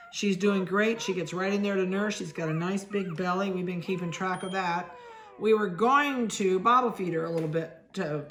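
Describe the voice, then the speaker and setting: A middle-aged woman from Ohio, a dog breeder, chatting casually as she handles puppies and talks softly to them. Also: medium pitch.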